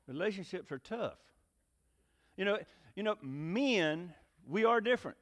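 A man's voice: high-pitched, animated, a little slow. A man preaching a joking, folksy sermon, often rising into emphatic bursts. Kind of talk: sermon with jokes. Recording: long reverb of a hall.

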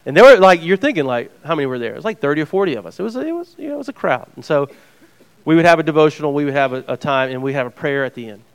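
A man's voice: fairly high pitch, animated, very fast, smooth. A man from Georgia preaching a conversational sermon as a Bible teacher, restarting phrases and checking in with his listeners.

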